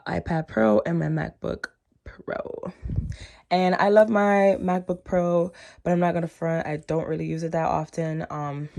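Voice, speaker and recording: A woman's voice: deep voice, gravelly, dark tone. A woman with a stuffy, congested voice chatting through a casual unboxing vlog, laid-back, with frequent ums and slang. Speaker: tech vlogger.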